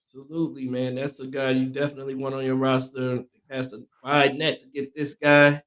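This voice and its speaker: A man's voice: medium pitch, a little fast, lo-fi sound. A man co-hosting a sports talk show, chatting casually and hedging with many fillers. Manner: relaxed, hedging with "you know" and "man".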